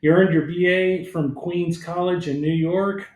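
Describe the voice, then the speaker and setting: A podcast host chats in a friendly, conversational way during a casual interview and reads out his guest's background. His voice is high, steady, a little slow and a little mellow. The room gives off a noticeable echo.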